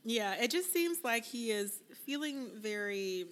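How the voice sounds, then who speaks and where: Bright, high-voiced blunt woman. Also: a little slow. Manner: animated, blunt and swearing, filler-heavy. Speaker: podcast co-host. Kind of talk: casual chat.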